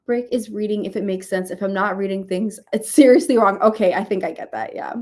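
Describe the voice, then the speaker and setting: A sleepy, yawning woman hosts a reading-sprint live stream, chatting casually with viewers, thinking aloud, and laughing often. Her medium-pitched voice is brisk with a dark tone.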